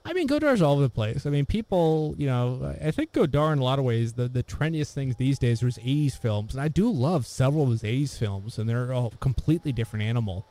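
Mellow-voiced man rambling about films. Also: mid-range voice, expressive, fast talker, hardly any pauses. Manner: rambling, hesitant, many fillers and restarts. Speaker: podcast co-host discussing films. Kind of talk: casual chat.

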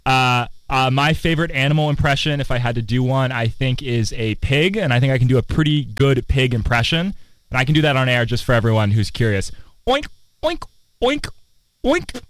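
A man's voice: mid-range voice, a little fast, smooth, no echo. A young man in his twenties, a student co-hosting a campus radio show, chatting playfully and rambling with laughs. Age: 20s. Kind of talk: casual chat. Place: outdoors on a quad.

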